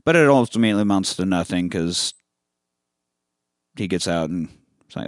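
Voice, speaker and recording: A man's voice: low-pitched, animated, moderate pace, pauses often, no echo, studio quality. Laughing, profane man recapping a film. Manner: loose, profane, laughs often mid-sentence. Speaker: podcast host. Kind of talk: casual movie recap chat.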